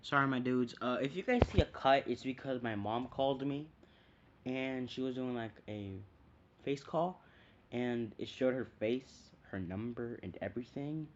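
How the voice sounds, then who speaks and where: A man's voice: medium pitch, moderate pace. Rambling man on a dull lo-fi recording. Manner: rambling, hesitant, often corrects himself. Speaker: fan fiction storyteller. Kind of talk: casual retelling of a fan story.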